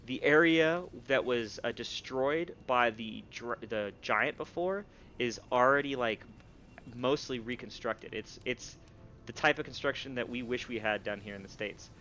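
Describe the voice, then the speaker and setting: A man's voice: mid-range voice, a little slow, sharp tone, a little hiss or hum. A man narrating as game master of a tabletop game, rambling with fillers and restarts.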